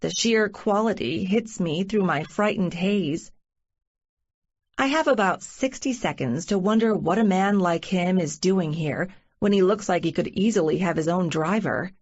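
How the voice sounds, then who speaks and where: A woman narrating a first-person romance audiobook in a measured inner-monologue style. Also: lowish voice. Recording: muffled lo-fi recording.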